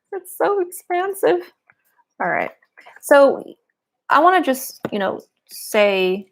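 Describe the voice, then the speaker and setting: A woman giving a live-streamed tarot and oracle card reading, chatty and giggly, with a lot of "like" fillers. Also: a little high.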